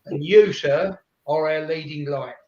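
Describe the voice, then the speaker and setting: A man's voice: a little high, a little slow, darkish tone. Older man giving an earnest tribute. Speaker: fan group member. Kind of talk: heartfelt farewell speech on a video call. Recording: roomy, dull video-call audio.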